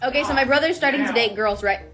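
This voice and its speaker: A high-pitched young woman chatting straight to her followers in a loose, casual way. She sounds chatty and teasing, like a big sister poking fun. Faint music plays under her voice. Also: quick pace. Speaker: TikTok creator. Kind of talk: casual chat to camera.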